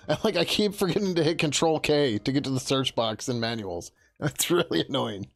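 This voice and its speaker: A man hosting a casual livestream as a software developer, talking in a laid-back, rambling way, swearing freely and laughing often. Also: fairly high pitch, lively intonation, normal speed, vocal fry, soft background music.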